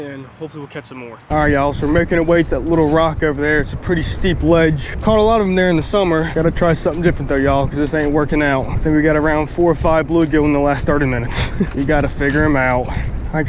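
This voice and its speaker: Excited young man vlogging outdoors. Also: a little high, a little hiss or hum. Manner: excited, chatty, talks to viewers as y'all. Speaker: fishing vlogger. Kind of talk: outdoor fishing vlog. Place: outdoors by a pond.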